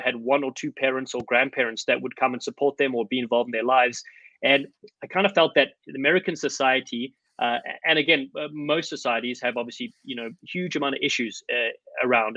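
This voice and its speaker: A middle-aged man from South Africa talks about coaching in an earnest, rambling storytelling way, full of ums and uhs. His voice is bright and forceful, and he talks quickly. The recording is dry and a little dull, with a slightly lo-fi sound. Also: medium pitch, no room sound. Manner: earnest, storytelling, many fillers. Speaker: rugby coach and guest. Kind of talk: conversational interview answer.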